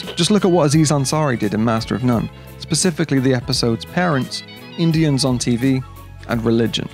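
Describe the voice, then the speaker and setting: A man narrating a scripted video essay in a measured, explanatory way. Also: mid-range voice.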